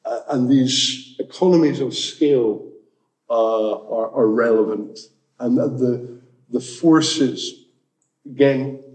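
A man's voice: medium pitch, darkish tone, poor audio. A man giving an informal talk at a community education event, rambling with restarts and jokey asides.

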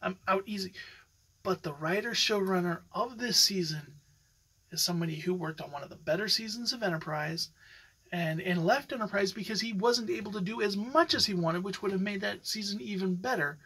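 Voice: mid-range voice, bright, forceful tone, husky, low-quality recording. A podcast host talking in a casual, opinionated way, rambling with many fillers and restarts. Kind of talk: casual solo podcast commentary.

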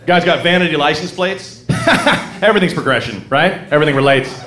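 A man doing a rambling, self-mocking stand-up routine, breaking into loud mock singing. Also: a little high, lively intonation, brisk. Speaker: stand-up comedian. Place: comedy club stage. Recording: live club recording, roomy, crowd laughter.

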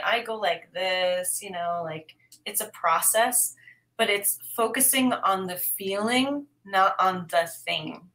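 A woman co-hosting a livestream, reading chat aloud and giving upbeat, gentle coaching. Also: mid-range voice.

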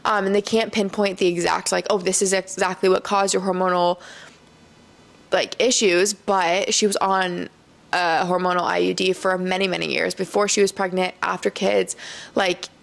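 Young woman podcaster, gravelly fry, super candid rambly chat, lots of likes and ums. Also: fairly low pitch, little pitch movement, normal speed. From Iowa, US. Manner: chatty, candid, full of fillers, laughs often. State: tearful, choked up. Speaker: podcast host. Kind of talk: casual solo podcast chat.

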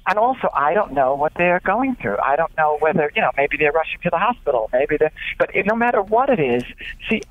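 A man interviewed as an author, telling animated stories and acting out what others said. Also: a little high, dry recording. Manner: animated storytelling with acted-out quotes. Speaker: author and guest. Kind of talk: radio interview. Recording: dull dry lo-fi radio audio.

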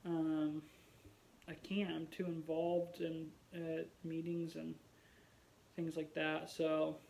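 A man's voice: on the high side, monotone, takes it slowly, vocal fry, darkish tone, slight background noise, poor audio. A man vlogging in a casual chat to the camera, rambling and musing aloud with wry, self-mocking humor.

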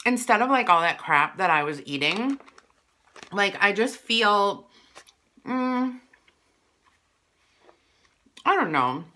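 A woman vlogger talks to her viewers in a casual, rambling way, pausing to chew and hum over her food. Her voice is bright and forward, with a middle pitch. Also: expressive. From Wisconsin. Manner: chatty and rambling, eating on camera. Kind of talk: casual mukbang vlog chat.

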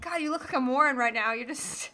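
A woman in her thirties streams a video game, talking casually in a high, sharp voice at a fast clip. She's goofy, breaking into silly singing and humming as she plays.

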